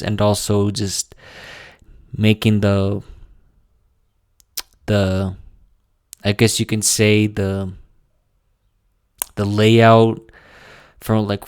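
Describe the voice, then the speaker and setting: A young man speaks slowly in a low, smooth voice that barely rises or falls, as he gives a casual vlog update on his businesses. He pauses, backtracks and repeats himself as he works out his words, and the recording is close and dry. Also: dry recording. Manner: slow, halting delivery with frequent restarts and fillers. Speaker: small business owner vlogging.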